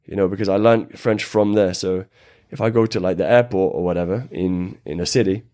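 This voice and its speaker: Brief: British man, fast, rambling chat, lowish voice, lots of "like". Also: fairly even intonation, warm tone. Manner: rambling, many restarts and "like" fillers. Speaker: guest, jiu-jitsu coach. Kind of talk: casual podcast conversation.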